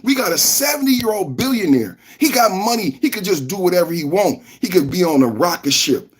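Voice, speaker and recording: Guy w running a live podcast, kinda high voice, shouty n repetitive talking to chat. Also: big pitch swings, brisk, slightly rough. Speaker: podcast host. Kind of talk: livestream reaction commentary.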